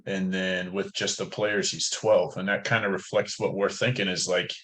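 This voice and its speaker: A man's voice: low voice, flat delivery, moderate pace, fairly bright tone, low-quality recording. A man talking through a fantasy football roster in a casual podcast chat, thinking aloud with frequent fillers. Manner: thoughtful, hedging with fillers.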